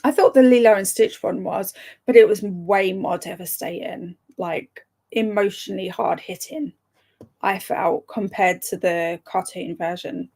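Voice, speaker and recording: Young woman, casual chatty stream host, giggly, mid pitch. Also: unhurried, creaky, a little mellow. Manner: chatty, laughs often, reads out viewer comments. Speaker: livestream host. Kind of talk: casual live-stream chat.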